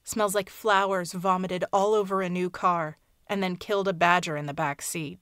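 A woman narrating a short story aloud in a soft, hushed, measured reading. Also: fairly low pitch, steady tone, clear, resonant tone, no echo, studio quality. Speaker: audiobook narrator. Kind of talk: scripted fiction narration.

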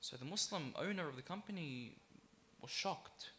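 A man giving a sermon as a sheikh. He talks emphatically, repeats phrases for weight, slows to stress key words and calls the audience brothers and sisters. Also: fairly high pitch, animated, bright, forceful tone, slight background noise. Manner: emphatic, with deliberate repetition. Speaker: sheikh giving a religious talk.

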